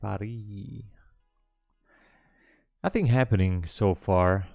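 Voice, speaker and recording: A man's voice: low voice, unhurried, faint music behind. A man hosting a live trading stream, chatting casually and hesitantly with viewers in a rambling way. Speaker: livestream trading host.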